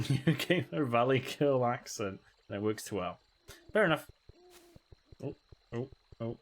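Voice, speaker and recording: A man's voice: medium pitch, expressive, unhurried. A man streaming a video game, making casual, mumbled asides to himself. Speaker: variety streamer.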